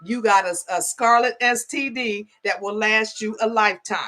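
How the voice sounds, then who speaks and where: Bright-voiced chatty middle-aged woman. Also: mid-range voice, normal speed. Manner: chatty, peppered with "okay?" and "you know". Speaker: spiritual advisor. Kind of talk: casual storytelling vlog.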